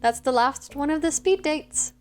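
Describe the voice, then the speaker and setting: A woman's voice: high voice, lively intonation, moderate pace, darkish tone, faint music behind. A woman casually and playfully reading choices while playing a dating game. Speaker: game streamer.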